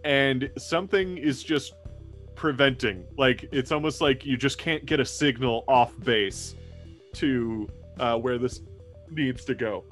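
A man at a mid-range pitch runs a tabletop role-playing game as its game master. He narrates in a halting way, stopping and restarting with plenty of fillers. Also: fairly bright tone, faint music behind.

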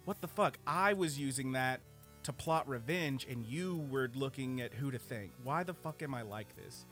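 A man's voice: mid-range voice, animated, normal speed, fairly bright tone, soft background music, natural voice. A man voicing a jealous teenage mean girl who scolds herself in exasperation, barely changing his own voice. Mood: exasperated.

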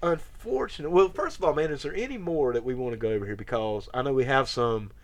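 A man co-hosting a podcast, talking casually with a lively voice that climbs and dips all over. He leans hard into his words and keeps tossing in "man" and "bro" like a buddy on the couch. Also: medium pitch, fast talker. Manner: animated, emphatic, keeps saying "man" and "bro". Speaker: podcast co-host. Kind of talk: casual chat about wrestling history.

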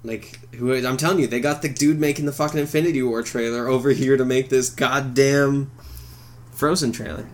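A man co-hosting a podcast in casual chat, animated and swearing freely as he acts out scenes in silly voices. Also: medium pitch, fairly quick. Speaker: podcast co-host.

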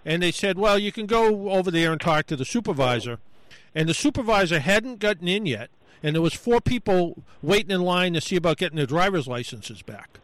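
A man's voice: high-pitched, lively intonation, brisk, a bit bright, dry recording, rough recording. A man telling a long casual story on a talk show, rambling and acting out what people said to him. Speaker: guest storyteller.

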